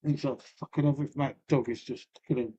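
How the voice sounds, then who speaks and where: A man's voice: medium pitch, fairly even intonation, quick pace, dark tone, slightly rough, highs cut off. A middle-aged man, chatting casually and rambling to his live-stream viewers, swearing and laughing often.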